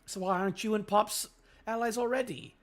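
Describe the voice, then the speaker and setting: A man's voice: high voice, steady tone, brisk, pitched above the performer's own voice, close to an everyday voice. A man doing an eager young boy.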